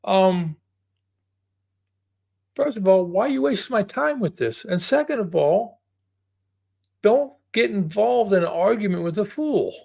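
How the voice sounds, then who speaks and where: A man's voice: high-pitched, expressive, measured pace, vocal fry, long pauses, darkish tone, pitched above the performer's own voice, heavily acted. A man voicing a wise, weary lion king in a told animal fable, lecturing in a lifted voice. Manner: lecturing, exasperated.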